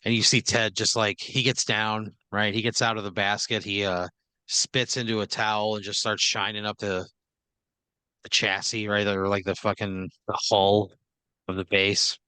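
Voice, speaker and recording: A man's voice: fairly low pitch, flat delivery, moderate pace, sharp tone, clean tone, dry recording. A man hosting a comedy podcast and spinning an improvised story, rambling and filler-heavy, often checking in with "right?". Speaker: podcast host.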